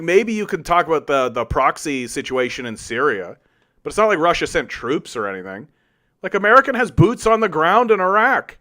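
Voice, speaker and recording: A man's voice: a little high, big pitch swings, normal speed, pushed and bright. A man hosting a solo political commentary show, arguing with chat in a combative, sarcastic and profane way. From Canada.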